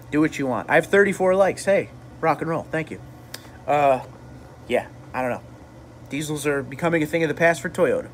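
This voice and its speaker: A man's voice: a little high, a little fast, a bit bright, a little hiss or hum. A man hosting a casual livestream, rambling in a laid-back way and answering chat. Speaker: livestream host.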